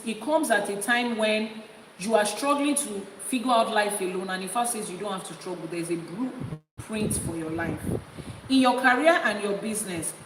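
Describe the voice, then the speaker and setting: A Nigerian-accented woman delivers a spiritual lesson, leaning hard on her points and repeating them to drive them home. Her voice carries a long roomy reverb, as if spoken in a large hall. A clear layer of background noise sits under her. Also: mid-range voice, recorded from a distance. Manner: emphatic, repeats key points for stress. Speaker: Ifa priestess and teacher. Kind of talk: spiritual teaching talk.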